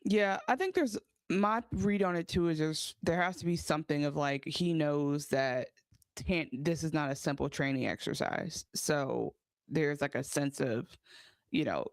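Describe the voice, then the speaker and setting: A woman's voice: sits low, unhurried, dry recording. A woman co-hosting a podcast, thinking aloud hesitantly in casual chat. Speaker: podcast co-host.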